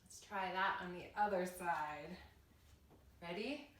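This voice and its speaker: A woman leading a children's yoga class, giving gentle, playful, sing-song instructions. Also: medium pitch, takes it slowly. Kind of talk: guided kids' yoga class. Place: library room. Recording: echoey room from far off, faint noise.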